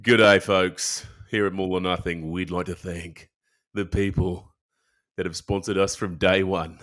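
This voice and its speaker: A man hamming up a mock-Australian sponsor announcer with a deep, low-pitched voice, stretching his words out in a slow, over-the-top ad-read drawl. It's a jokey put-on Australian accent, played broadly for laughs. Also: little pitch movement, fairly bright tone. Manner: hammy, drawn-out ad-read delivery.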